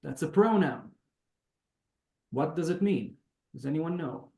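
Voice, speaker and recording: A man leads a beginner language lesson over a video call, taking his time and sounding out each word slowly. His voice sits a little high for a man. A roomy echo hangs around him on the call audio. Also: lively intonation, creaky, mellow. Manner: patient, explains step by step and sounds out words slowly. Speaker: Hebrew teacher.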